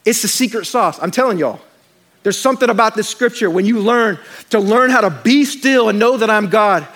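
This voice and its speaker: A pastor with a high voice preaches to his congregation at a moderate pace. He blends scripture with funny personal stories and throws animated asides to the people in the pews.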